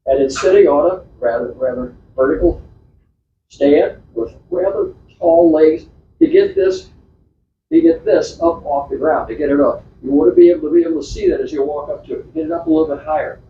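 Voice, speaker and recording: A man's voice: fairly high pitch, wildly swooping pitch, a little fast, gravelly, slight background noise. A man giving an informal slide talk at a club meeting, chatty and rambling, with many restarts and fillers. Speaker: club presenter. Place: meeting room. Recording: echoey, distant, dull club meeting recording.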